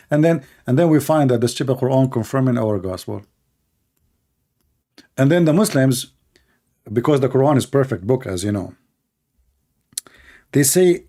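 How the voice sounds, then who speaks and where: This call-in show host has a mellow, mid-range voice with lively intonation, a moderate pace, and long pauses. He mocks and scorns throughout his monologue, using broken grammar and rhetorical questions.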